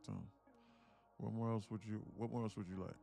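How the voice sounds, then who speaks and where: A man from with a gravelly voice, boasting about his trading and bantering with viewers on a live stream from his home apartment. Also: on the low side, little pitch movement, brisk, dark tone, soft background music. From Atlanta, USA. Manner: boastful, teasing banter with chat. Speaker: day trader streamer.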